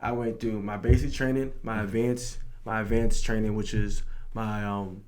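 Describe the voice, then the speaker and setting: A young man in his twenties from New York, a podcast guest telling stories in a relaxed slang-heavy way, now and then acting out someone yelling. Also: on the low side, moderate pace. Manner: laid-back slang-heavy storytelling, acts out drill sergeants yelling. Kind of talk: casual chat.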